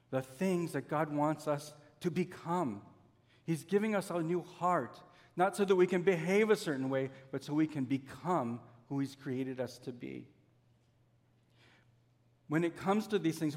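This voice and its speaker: Pastor preaching in a reverberant hall. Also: male voice, fairly high pitch, darkish tone. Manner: earnest, with slow drawn-out emphasis and homely examples. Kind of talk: sermon.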